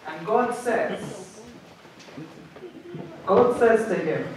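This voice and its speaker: High-voiced male pastor, animated storytelling sermon, heard from afar in a very echoey church hall. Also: drawn-out words, far from the mic, noisy background. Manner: animated storytelling, repeats words when building a point.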